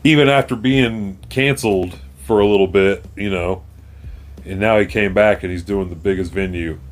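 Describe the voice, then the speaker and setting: Rambling laid-back man, low voice. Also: normal speed. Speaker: podcast host. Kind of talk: casual stoned chat. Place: indoor room with cartoons playing. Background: faint music from cartoons.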